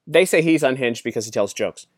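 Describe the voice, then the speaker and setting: A man's voice: mid-range voice, lively intonation, brisk, no room sound, clean studio sound. A man delivering a rambling, sarcastic political opinion monologue, laughing often as he mocks. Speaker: political commentator.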